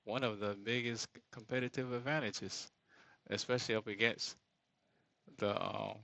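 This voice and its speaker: Gravelly, bright-toned man thinking aloud. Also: medium pitch, steady tone, moderate pace, no room sound. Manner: thinks aloud, rambling asides, searches for words. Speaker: solo creator building an app. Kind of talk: casual screen-share coding commentary.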